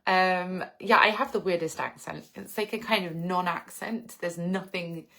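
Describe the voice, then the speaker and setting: A woman's voice: on the low side, fairly even intonation, a little slow, a bit bright. Thirtysomething english woman on a livestream, musing, reading out her viewers' comments and replying. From England. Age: 30s. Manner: reflective, reads viewer comments aloud and answers them. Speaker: livestream host. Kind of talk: casual livestream chat.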